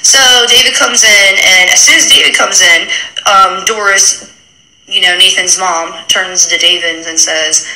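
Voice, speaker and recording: A woman on a phone live stream, retelling a backstage clash to her followers in a rapid, animated way and mimicking the people involved. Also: medium pitch, roomy sound, rough recording. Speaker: reality TV personality speaking to followers. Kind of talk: casual storytelling on a live stream.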